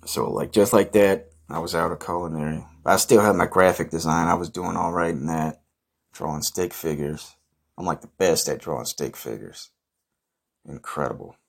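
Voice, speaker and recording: A young man with a very low voice spins a ridiculous boastful story for his podcast. He talks in a loose, rambling deadpan, full of swearing and fillers. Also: moderate pace, vocal fry. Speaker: podcast host.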